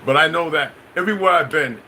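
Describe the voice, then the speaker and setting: A man's voice: fairly high pitch, fast, sharp tone, a little hiss or hum, low-quality recording. A man hosting a livestream, talking in a loose, meandering way, repeating himself and speaking straight to viewers in the chat. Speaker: livestream host. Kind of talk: rambling livestream monologue, answering chat.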